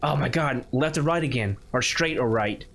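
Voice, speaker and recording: A man's voice: mid-range voice, normal speed, fairly bright tone. A man on a YouTube channel giving nervous, chatty running commentary while playing a horror game. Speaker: YouTube gamer.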